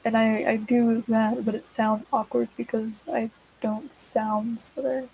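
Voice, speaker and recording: A woman's voice: on the high side, flat delivery, measured pace, gravelly, darkish tone, slight background noise, rough recording. A teenage girl chatting casually while drawing, rambling and awkward, full of fillers and restarts, self-deprecating. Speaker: digital artist vlogger. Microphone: desk mic.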